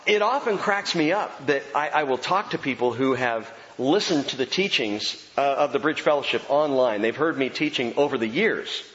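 A man preaching a sermon as pastor, emphatic and animated, repeating key phrases for effect. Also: medium pitch, normal speed, few pauses. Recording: dull sound with long hall reverb.

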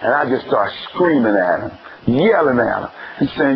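Lively preacher man, dull lo-fi sound. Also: mid-range voice, moderate pace, vocal fry. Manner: calls for answers from the congregation; acts out homespun family scenes. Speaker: pastor. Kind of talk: sermon. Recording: slightly dull lo-fi church recording.

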